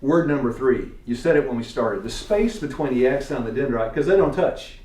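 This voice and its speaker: A man's voice: mid-range voice, brisk, darkish tone. A man with a Tennessee accent teaching a church class, quizzing his students in a folksy way and chuckling often. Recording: echoey room, distant mic.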